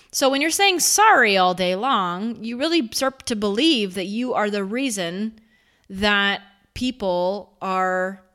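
A young woman speaking earnestly in a motivational talk, in an easy conversational tone. Her voice sits at an ordinary middle pitch for a woman, and she explains each point patiently. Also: fairly bright tone. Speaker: self-improvement speaker.

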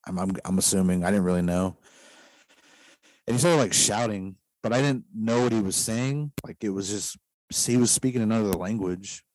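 Low-voiced man telling a rambling story. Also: moderate pace, a little mellow, dry recording, poor audio. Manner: rambling, heavy use of "like" fillers. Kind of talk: casual storytelling.

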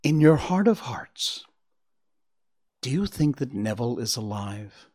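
A man putting on an earnest Victorian lady who won't let a question go, her voice swooping up high and dropping low as she pleads and insists, told like a storybook. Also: very animated, a little slow, darkish tone. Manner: pleading, pressing for plain answers. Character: Victorian woman, anxious wife, earnest and insistent.

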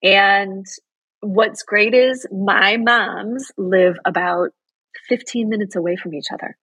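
A woman's voice: mid-range voice, slow pace, fairly bright tone, husky, no room sound, poor audio. A middle-aged woman, a TV news anchor, earnestly telling a heartfelt personal story in an interview.

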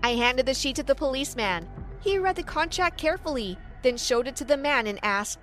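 Speaking briskly in a high, light voice, a woman narrates her own story with dramatic flair. Soft background music plays faintly throughout, keeping a steady podcast atmosphere.

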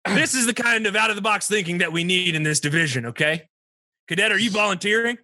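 A bright, high-pitched man barks orders in an improvised comedy scene. He plays a commanding officer who briefs his team and keeps checking in with "okay?". The sound is close and dry. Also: quick pace, no room sound. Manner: bossy, briefing tone, ends lines with "okay?".

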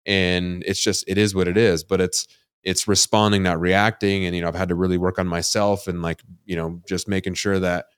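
A man's voice: low-pitched, flat delivery, a little fast, clean tone, no echo, clean studio sound. A man hosting a podcast, talking candidly and rambling, with many fillers like "like" and "you know". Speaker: podcast host. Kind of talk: casual podcast interview.

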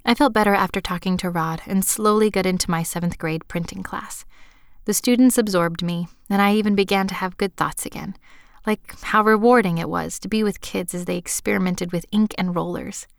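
A woman's voice: mid-range voice, fairly even intonation, brisk, creaky, no echo, studio quality. A woman narrating her own memoir in a subdued, intimate way. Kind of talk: first-person memoir narration.

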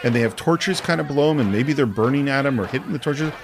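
A man's voice: mid-range voice, fast talker, noisy background. A man co-hosting a film podcast, retelling scenes and acting out bits of dialogue in casual discussion.

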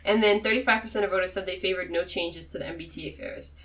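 A woman's voice: on the low side, fast talker, distant mic, rough recording. Playful woman reading poll numbers, off-mic. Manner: playful, reads poll figures aloud. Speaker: podcast co-host. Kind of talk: casual political chat.

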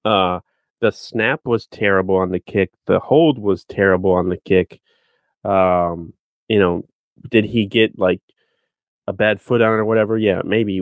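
Low-voiced man in dry podcast chat. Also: dry recording. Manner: relaxed, breaks into argued points. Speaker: podcast co-host. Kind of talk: casual chat and sports analysis.

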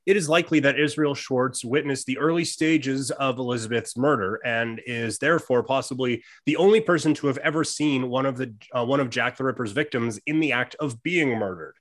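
A man with a mid-range voice reads true-crime notes in a relaxed podcast chat. He breaks off for dry remarks and hums little dramatic stings between lines. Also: mid-range voice. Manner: dry asides while reading, hums dramatic "bum bum". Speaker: podcast co-host.

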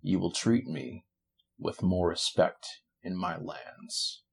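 A man voicing a tall, haughty male barbarian orc chief who speaks slowly and coldly. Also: sits low, vocal fry, breathy edge, exaggerated voice. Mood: menacing. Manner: slow, cold and commanding.

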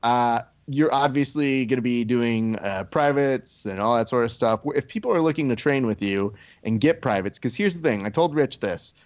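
A man's voice: mid-range voice, moderate pace, hardly any pauses, a little mellow, muffled recording. A man hosting a casual podcast chat, telling stories animatedly and swearing freely. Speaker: podcast host.

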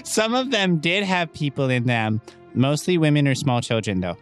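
A man's voice: on the high side, expressive, normal speed, faint music behind. A man acting as game master, narrating a tabletop game in a playful way.

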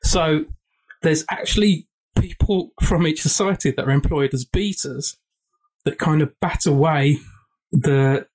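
A man's voice: fairly high pitch, measured pace, a little mellow, low-quality recording. Rambling, eager male co-host. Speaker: podcast co-host. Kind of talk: casual chat.

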